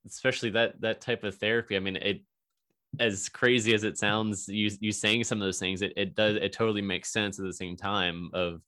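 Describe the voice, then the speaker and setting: A man hosting an interview, answering the guest in short, supportive, halting phrases. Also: lowish voice, fairly even intonation, bright, forceful tone, no echo. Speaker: interviewer host. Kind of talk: casual interview conversation.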